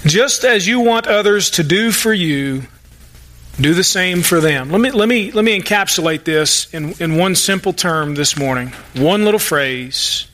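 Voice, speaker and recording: A man delivers a Sunday sermon in a fairly high, bright voice. He preaches in a folksy, emphatic way and slips in playful, sarcastic asides to the congregation. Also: expressive, measured pace. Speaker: pastor.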